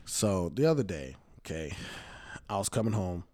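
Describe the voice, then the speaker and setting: A young man co-hosting a podcast, telling stories in a loud, animated way, swearing and laughing often. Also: sits low, moderate pace, no room sound. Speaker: podcast co-host. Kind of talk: casual chat.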